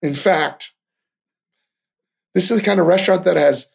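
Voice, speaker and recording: A man hosting a podcast, ranting in casual, profane commentary with animated outbursts. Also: sits high, moderate pace, creaky, slightly rough. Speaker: podcast host.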